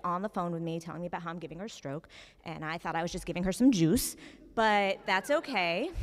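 A young woman telling a personal story on stage in an animated, self-mocking, conversational way. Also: mid-range voice, clear, resonant tone. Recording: reverberant hall.

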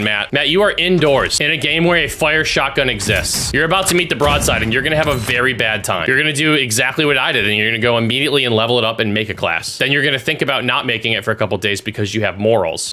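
A young man commentating on a shooter game with a bright, forward voice. His pitch jumps all over as he teases and mocks the players he is watching. A faint hiss sits under the recording. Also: fast. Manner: excitable, sarcastic, teasing the players he watches. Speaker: gaming YouTuber commentating. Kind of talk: spectating commentary on a battle royale game.

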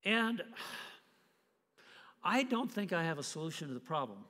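Man, pastor, storytelling sermon, high voice, long reverb of a hall. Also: fast talker. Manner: animated, acts out scenes. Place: church hall.

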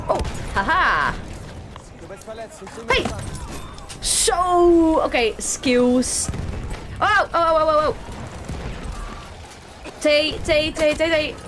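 Excitable woman streamer over gunfire. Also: high-pitched, drawn-out words, pauses often, noisy background. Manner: excitable, chatty, exclaiming and laughing at herself. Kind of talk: casual gameplay commentary. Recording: game gunfire loud behind the voice.

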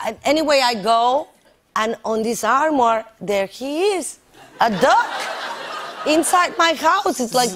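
A woman guest on a TV talk show, telling an animated story in a casual chat, full of "like". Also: fairly high pitch, unhurried, a little hiss or hum. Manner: animated, acts out voices, lots of "like". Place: TV studio.

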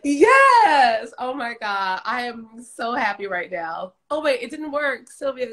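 A woman hosting a casual live stream, effusive and quick to laugh. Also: a little high, a bit bright, roomy sound, slight background noise. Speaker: host of a live video stream.

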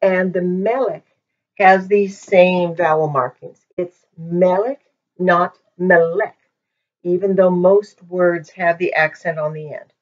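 A woman with a lowish voice teaches at an unhurried, very slow pace, explaining each point patiently and methodically. Her recording is muffled and lo-fi, from a poor-quality microphone. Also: steady tone. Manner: patient, methodical, with frequent ums. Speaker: Hebrew teacher. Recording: dull lo-fi microphone.

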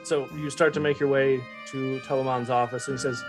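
A man's voice: medium pitch, little pitch movement, fairly quick, few pauses, faint music behind. A man narrating as game master of a tabletop game, joking and laughing often.

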